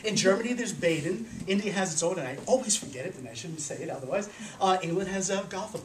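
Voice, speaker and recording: A man telling a folk story live to an audience, animated and chuckling. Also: high-pitched, fast, slight background noise. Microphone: small handheld camera from afar. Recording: roomy, from a distance.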